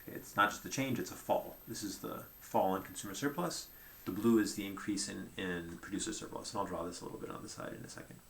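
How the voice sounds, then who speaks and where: A man's voice: sits low, fast talker, gravelly, fairly bright tone, reverberant. A man giving a conversational lecture at a whiteboard, thinking aloud and checking in with "right?" as he goes.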